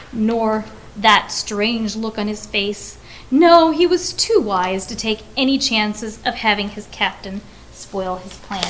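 A woman's voice: on the high side, a bit bright, a little hiss or hum, low-quality recording. A woman reading a story aloud to children, with friendly conversational asides and questions to her listeners.

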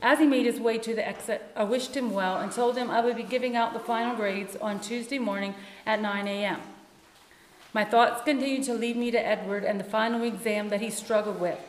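A woman who teaches music, reading her own first-person story in a measured, earnest way. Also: on the high side, steady tone, slight background noise. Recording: echoey room with long reverb.

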